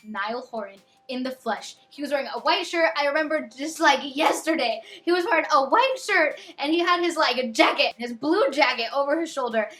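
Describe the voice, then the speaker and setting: A young woman in her twenties telling a storytime vlog with excitable, dramatic, gushing fangirl energy. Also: high-pitched, normal speed, hardly any pauses. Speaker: vlogger.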